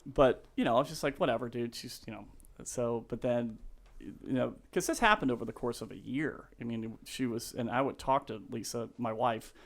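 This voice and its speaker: A man's voice: medium pitch, normal speed, vocal fry. A man in his fifties, a realtor telling stories as a podcast guest in a rambling, laughing way with many fillers and restarts. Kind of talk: casual storytelling.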